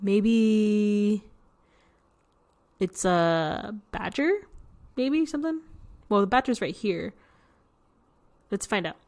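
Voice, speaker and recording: A young woman reading a picture book to children, pausing to point at pictures and ask questions. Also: mid-range voice, lively intonation, a little mellow. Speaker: storytime reader.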